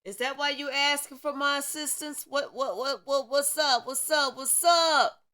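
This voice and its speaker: A woman's voice: sits high, fairly even intonation, pushed and bright, voice pushed up. A woman voicing God, stern and demanding. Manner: confronting, rapid repeated questions. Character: God, a stern male deity demanding answers.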